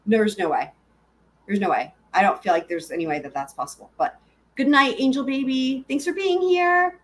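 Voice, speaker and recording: A woman's voice: mid-range voice, lively intonation, brisk. A woman hosting a live stream, chatting casually and giggling as she answers her viewers.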